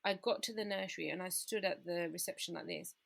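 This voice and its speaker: A woman's voice: fairly low pitch, quick pace, creaky. A British woman in her thirties, a podcast guest candidly recounting a personal story and often quoting what people said. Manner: candid, retells scenes by quoting people, frequent "like".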